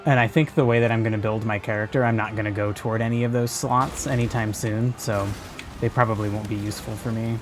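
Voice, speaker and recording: Male game streamer, relaxed rambling chat, faint game music behind. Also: fairly low pitch, quick pace. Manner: relaxed, many "like" fillers. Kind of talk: casual gameplay chat.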